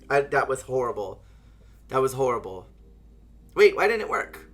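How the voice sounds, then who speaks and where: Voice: medium pitch, expressive, normal speed, pauses often, fairly bright tone. A streamer giving playful, giggly commentary on a live game playthrough and chatting with viewers. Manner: playful, giggly, talks to chat.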